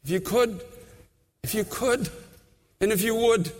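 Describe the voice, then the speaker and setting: A man preaching a sermon with his own testimony, fervent and repetitive, dropping to a hush and then building loud. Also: high-pitched, measured pace, pauses often, big-room sound. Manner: fervent, repeats phrases, swings between hushed and loud.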